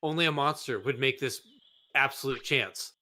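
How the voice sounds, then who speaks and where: A man's voice: medium pitch, moderate pace, sharp tone. A man hosting a let's play, commenting on his gameplay in an exasperated way and swearing often. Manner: exasperated, swearing, frustrated ranting.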